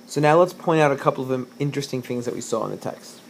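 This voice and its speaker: A man's voice: mid-range voice, animated, quick pace, gravelly. A man teaching a recorded lesson, reading Hebrew verses and translating them line by line, with frequent fillers and self-corrections.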